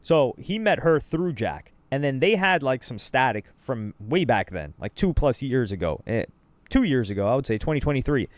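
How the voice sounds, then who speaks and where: A man's voice: mid-range voice, big pitch swings, normal speed, no room sound. A young man co-hosting a casual reaction show, telling the backstory in loose slang with lots of asides. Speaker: co-host reacting to streamer clips.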